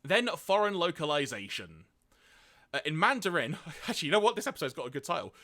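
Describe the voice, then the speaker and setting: Man, podcast co-host, animated pitch, bright tone, reads notes, laughs between lines. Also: fast. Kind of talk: casual podcast discussion.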